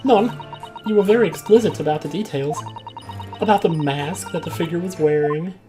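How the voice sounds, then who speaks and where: Man voicing a fussy French-tinged lady, high put-on voice, faint music. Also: moderate pace, lightly acted. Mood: affected. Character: flustered middle-aged woman, French-tinged, theatrical.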